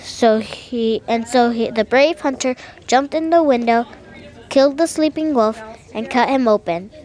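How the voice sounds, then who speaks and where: Lady reading a fairy tale out loud, slightly high voice, little slips. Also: a little slow. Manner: lively, with small slips. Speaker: narrator. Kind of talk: storybook reading.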